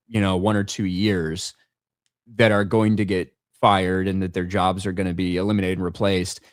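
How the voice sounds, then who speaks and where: A man's voice: on the low side, no room sound, studio quality. Blunt, profane male podcast host. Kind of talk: casual chat.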